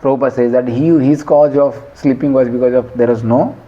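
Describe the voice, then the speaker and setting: A man's voice: mid-range voice, fairly even intonation, brisk, muffled recording. A man giving a devotional scripture class in a conversational way, quizzing listeners and chanting Sanskrit verses. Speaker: lecturer on scripture.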